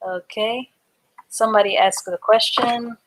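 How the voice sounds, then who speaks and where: A woman's voice: on the high side, fairly even intonation, a little slow. A woman teaching a live online reading class, patiently spelling words out letter by letter and explaining them simply.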